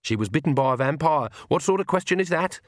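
A man voicing a blunt, sharp-tongued young woman witch. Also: a little high, expressive, fast, dry recording, studio quality, voice pushed up, lightly acted. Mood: sharp, urgent. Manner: blunt and impatient.

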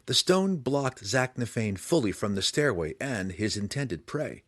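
A man narrating a fantasy audiobook in an expressive, dramatic reading. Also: mid-range voice, unhurried, dry recording, clean studio sound.

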